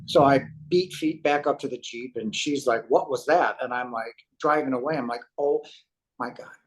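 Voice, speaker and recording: A man's voice: mid-range voice, low-quality recording. A man tells a long personal story as an interview guest. He acts out the quoted voices as he goes and talks loosely, with many fillers and restarts. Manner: animated retelling with acted-out quotes and frequent fillers.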